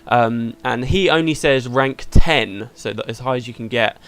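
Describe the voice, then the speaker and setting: A man's voice: medium pitch, moderate pace, a bit bright, clean tone. A man hosting a let's play, chatting casually through the game and laughing easily.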